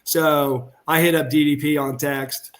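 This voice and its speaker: A middle-aged man telling stories as a podcast guest, his voice sitting a little higher than most men's. He rambles warmly through anecdotes, stumbling and restarting, then leans into the retold dialogue with animated energy. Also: unhurried. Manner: animated, heartfelt delivery. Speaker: guest, former pro wrestler. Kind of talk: casual storytelling in a podcast interview.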